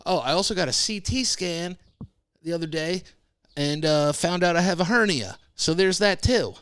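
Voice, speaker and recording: A man's voice: high voice, expressive, moderate pace, a bit bright, clean tone, no echo. Man, podcast host, casual rambling monologue, loose and profane, dry close sound. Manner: rambling, swears freely, laid-back storytelling.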